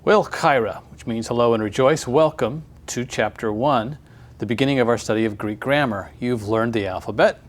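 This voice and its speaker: A man's voice: mid-range voice, normal speed. A man teaching a recorded grammar lesson, friendly and upbeat, explaining step by step.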